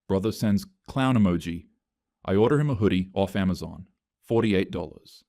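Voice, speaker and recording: A man's voice: deep voice, moderate pace, dark tone, no echo. A man narrating a scripted first-person story in short, dry, clipped phrases.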